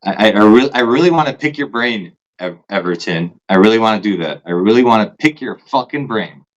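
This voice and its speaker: A man's voice: on the low side, lively intonation, brisk, highs cut off. A man in a loose casual chat who swears freely and keeps tagging his points with "right?". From parents from Poland.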